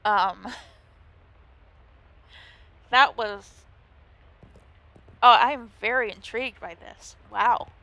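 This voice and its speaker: A woman's voice: a little high, very slow, long pauses, bright, forceful tone, dry recording. A woman hosting a let's play, reading the game's narration aloud and chatting playfully between lines. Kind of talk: gameplay commentary, reading game text aloud.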